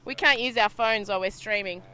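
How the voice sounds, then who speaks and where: A woman's voice: medium pitch, fairly quick, pushed and bright, clean tone, dry recording. A young Australian woman doing chatty, laughing live sailing-race commentary from a boat at sea. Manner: bubbly, laughs often, chatty.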